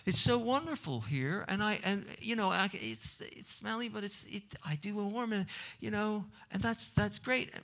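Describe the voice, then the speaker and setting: A man's voice: high voice, animated, normal speed, a bit bright, pitched above the performer's own voice. A man voicing a small bird praying in the snow, in a pleading, fretful way, inside a sermon. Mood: relieved.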